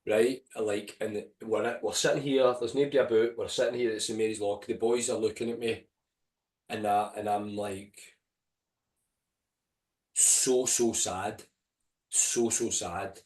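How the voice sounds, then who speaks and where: A man's voice: on the low side, steady tone, measured pace, long pauses, darkish tone. Man telling a raw race story. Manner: vivid, swearing, retelling his inner voice. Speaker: podcast guest. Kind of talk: storytelling in an interview. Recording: roomy and distant from the mic.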